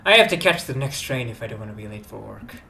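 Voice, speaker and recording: A caring, anxious mother fretting over family and friends, read aloud by a man playing a game. The reading is soft and concerned, with a fairly lively melody. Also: fairly low pitch, quick pace, gravelly, a little hiss or hum, voice pushed down, full character voice. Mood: worried.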